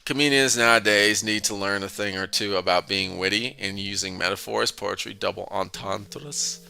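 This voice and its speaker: A man's voice: lowish voice, steady tone, a little fast, gravelly, pushed and bright, clear, resonant tone. A man hosting a casual philosophy talk, rambling with frequent restarts and chuckling often between points. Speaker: host of a philosophy discussion channel. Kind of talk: casual conversational monologue.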